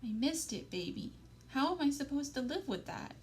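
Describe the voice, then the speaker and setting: A woman reading aloud and voicing a worn, tender mother, speaking softly and gently with a pleading tone. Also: sits high, big pitch swings, moderate pace, a little hiss or hum, voice pushed up. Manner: gentle, pleading, soft-spoken. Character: worn, tender working-class mother of a grown daughter. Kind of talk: read-aloud storybook dialogue.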